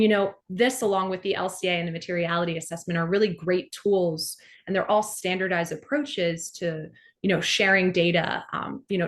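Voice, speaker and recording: A woman's voice: fairly low pitch, fairly bright tone. Woman explaining sustainability tools. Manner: explanatory, with many fillers. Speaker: panelist.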